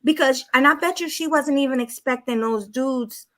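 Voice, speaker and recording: Sassy, bright-voiced woman co-host. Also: high-pitched, normal speed. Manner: sassy, judgmental. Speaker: podcast co-host. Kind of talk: casual commentary chat.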